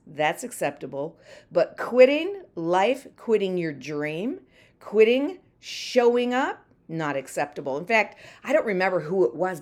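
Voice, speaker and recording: A woman hosting a motivational podcast, speaking emphatically, repeating phrases and leading her listeners in affirmations. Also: mid-range voice. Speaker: podcast host and mentor. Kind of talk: motivational pep talk.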